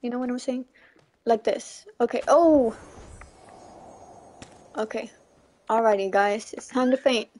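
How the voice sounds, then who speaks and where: A young woman chatting casually through a gameplay livestream, giggly and chatty, squealing when something excites her. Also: fairly high pitch, unhurried, pauses often. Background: faint game music.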